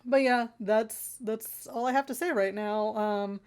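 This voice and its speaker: Exasperated, rambling higher-voiced woman vlogger. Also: unhurried, darkish tone, clear, resonant tone. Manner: exasperated, rambling, talks straight to viewers. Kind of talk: ranting consumer-warning vlog.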